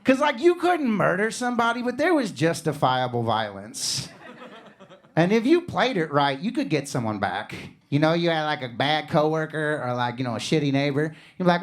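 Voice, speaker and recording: A man in his thirties with a fairly high voice performs a stand-up set, animated and quick to swing into loud mock voices. He comes from Missouri. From Missouri, USA. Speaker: stand-up comedian.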